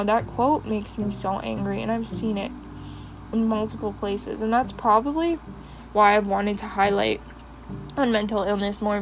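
Impassioned young woman, higher voice. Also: background noise. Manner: impassioned, rambling, with many fillers; does her makeup while talking. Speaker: podcast host. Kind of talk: personal monologue podcast.

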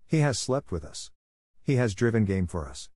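A man's voice: on the low side, very animated, moderate pace, mellow, dry recording. A man doing a weary old wolf chief in a storybook reading, solemn and dignified. The voice sits somewhat above the reader's own, and the recording is close and dry. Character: old male wolf, weary pack leader. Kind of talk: audiobook reading.

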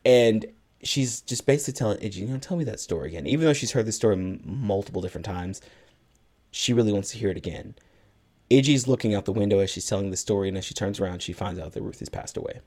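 Male podcast co-host with a lowish voice, retelling a movie in easy chat. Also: fast talker, darkish tone. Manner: retells a film plot at length, acting out lines of dialogue. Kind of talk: casual movie recap chat.

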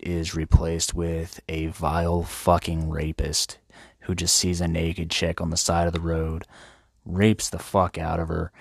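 Very deep gravelly-voiced man. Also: no room sound, clean studio sound. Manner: profane, irreverent, slangy. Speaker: host. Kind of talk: crude comic retelling of classic literature.

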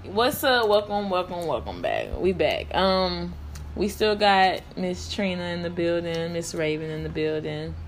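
A woman hosting a casual talk show, relaxed and quick to laugh. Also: on the low side, over music. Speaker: podcast host. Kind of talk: casual chat.

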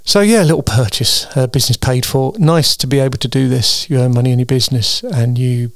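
Gravelly, tired man rambling. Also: medium pitch, a little fast, no echo, studio quality. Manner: chatty, meandering, with frequent ums and restarts. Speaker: host of a weekly solo show. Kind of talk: casual rambling monologue.

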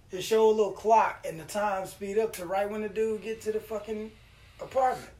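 Animated, profane man with a high voice. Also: fairly quick, a little hiss or hum. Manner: profane, animated storytelling with acted-out quotes. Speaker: podcast host. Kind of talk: casual storytelling chat.

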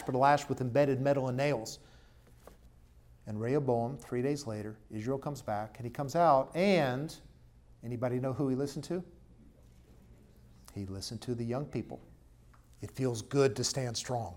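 A male pastor preaching to his congregation, his mid-pitched voice steady and ordinary. He swings between emphatic, louder stresses and quiet, earnest drops. Now and then he puts a question to the people in the pews. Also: normal speed, long pauses. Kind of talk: sermon and closing prayer.

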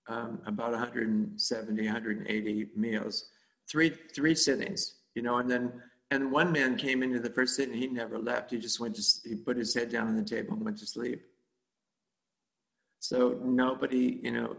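A man telling a casual story about volunteer cooking, halting and full of fillers and self-corrections. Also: mid-range voice, creaky, a bit bright, rough recording. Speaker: volunteer cook.

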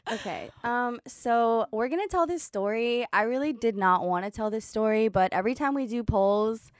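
A woman co-hosting a casual podcast, telling stories with swearing and lively energy. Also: a little high, moderate pace, dry recording, studio quality. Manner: animated, profane anecdote telling. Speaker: podcast co-host. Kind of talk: casual chat.

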